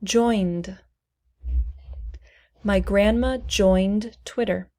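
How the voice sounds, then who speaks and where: A woman teaching English pronunciation, saying single words slowly and clearly for learners to repeat. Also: mid-range voice, steady tone, dark tone. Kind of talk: slow, deliberate pronunciation lesson.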